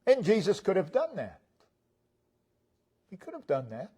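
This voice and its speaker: Slow, emphatic preaching man. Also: high voice, wildly swooping pitch, breathy edge. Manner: emphatic preaching, stresses single words, swings loud and soft. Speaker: pastor. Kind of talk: sermon. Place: church sanctuary.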